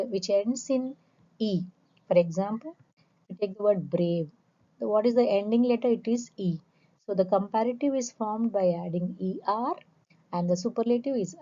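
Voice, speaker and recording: A woman's voice: mid-range voice, warm tone. A woman teacher explaining a grammar lesson, patient, repeating examples and spelling words out letter by letter. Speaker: English teacher. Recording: dull lo-fi recording.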